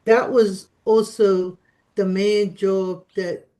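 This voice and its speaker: A woman talks slowly and earnestly in a religious study group. She lays out her reasoning one step at a time in a relaxed, conversational way. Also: mid-range voice, low-quality recording. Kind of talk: casual religious study discussion.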